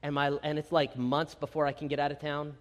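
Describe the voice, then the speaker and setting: A man's voice: on the high side, level tone, fairly quick, big-room sound. A middle-aged man pastor delivering a sermon with self-deprecating humor and acted-out asides.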